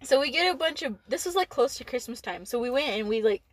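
This podcast co-host is a teenage girl whose high-pitched voice has lively intonation, recorded with no echo. Laughing and cursing frequently, she rushes through a casual story for her boyfriend, packing it with "like."

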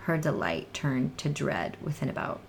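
A woman telling her own story as a guest in an emotional, earnest way, sometimes sinking into soft near-whispers. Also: low-pitched, sing-song, moderate pace, creaky, a little hiss or hum. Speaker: guest sharing her testimony. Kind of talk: emotional personal testimony in a podcast chat.

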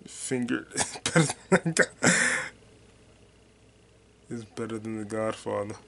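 A man hosting his own podcast in loose, profane, slangy chat, with excited bursts and quiet mutters as he reads comments. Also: on the low side, a little slow, gravelly, a little hiss or hum. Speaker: podcast host. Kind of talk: casual solo podcast chat.

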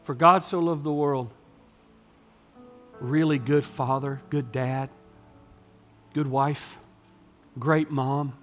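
A man preaching a sermon as pastor, dropping to hushed lines and then building up loud as he tells a story. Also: mid-range voice, steady tone, slow, long pauses, faint music behind.

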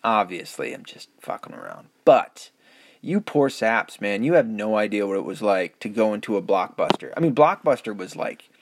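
A man's voice: on the low side, lively intonation, normal speed. A middle-aged man hosting a podcast, rambling through a casual solo monologue with lots of swearing, chuckles and self-mocking asides. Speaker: podcast host.

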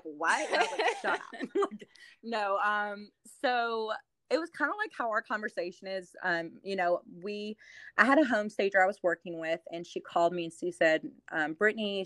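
A woman's voice: mid-range voice, a bit bright, no echo. A woman from New Orleans, a real estate agent turned TV host, telling stories in a casual chat with lots of laughs and fillers. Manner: giggly, chatty storyteller with lots of fillers.

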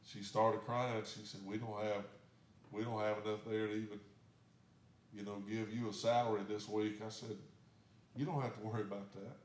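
A man's voice: lowish voice, flat delivery, normal speed, roomy sound. A man, a pastor telling a story in a sermon in a plain, folksy way. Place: church sanctuary.

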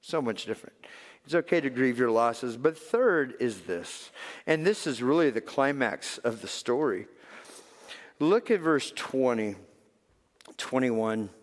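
A male pastor preaching a sermon, swinging between loud emphatic lines and soft hushed ones. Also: medium pitch, expressive, slow pace. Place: church sanctuary. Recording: long reverb of a large hall.

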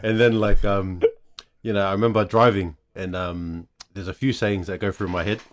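A deep-voiced man tells family stories on a casual podcast, speaking at normal speed with fairly even intonation. He's an easygoing storyteller who uses lots of fillers.

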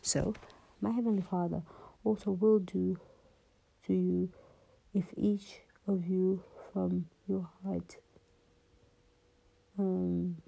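A woman in a whispered Bible reading and teaching, halting and often losing her place and rereading verses. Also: on the low side, flat delivery, vocal fry, warm tone, slightly rough, muffled recording.

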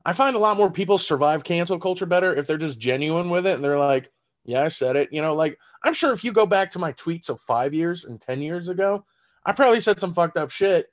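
A stand-up comedian from Texas with a Southern accent and a slightly high voice chats casually on a podcast. He laughs often and talks loosely, full of fillers and swearing.

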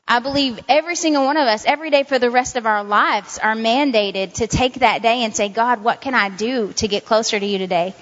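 A woman's voice: fairly high pitch, a bit bright. A woman giving informal devotional teaching as a Christian speaker, talking in an earnest, repetitive, conversational way. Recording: dull sound in a reverberant hall.

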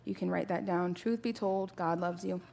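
A woman in her thirties preaching a sermon to a church, telling personal stories in a conversational, animated way with many rhetorical questions. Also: fairly low pitch, moderate pace, creaky.

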